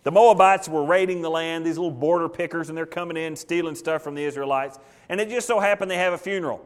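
A man's voice: fairly high pitch, fast. A male pastor preaching an expository sermon, talking conversationally, questioning his congregation and acting out what biblical figures might have thought. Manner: acts out biblical figures' thoughts in quoted voices.

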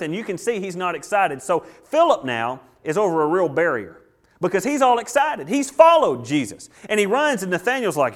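A male pastor delivers an animated sermon. His voice sits a little higher than most men's. He acts out quotes as he preaches. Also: a little fast.

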